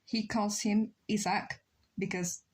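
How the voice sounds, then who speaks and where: A woman's voice: medium pitch, flat delivery, slow pace, breathy edge. A woman, a native Spanish speaker with a Spanish accent, chatting casually with her stream while she draws and thinking aloud as she rambles. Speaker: live streamer.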